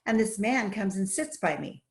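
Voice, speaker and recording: A woman's voice: mid-range voice, animated, normal speed, creaky. A woman guest on a podcast, telling her stories with enthusiasm in a casual, run-on way. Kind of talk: casual interview storytelling.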